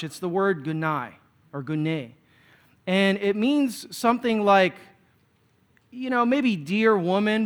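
A man's voice: high voice, a bit bright. A man of Filipino background preaching a sermon, telling stories with humor and acting out the voices he quotes. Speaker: pastor.

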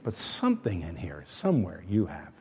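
A middle-aged man preaching a sermon, emphatic, shifting between loud stressed points and quiet asides. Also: sits low, huge pitch swings, normal speed, a little hiss or hum. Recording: long reverb from a large hall.

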